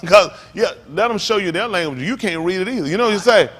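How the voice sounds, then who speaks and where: A pastor preaching a sermon, reading scripture aloud slowly and commenting between verses, calling out to the congregation. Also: male voice, sits high, animated, fairly bright tone. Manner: call-and-response preaching, rising to emphatic exclaims.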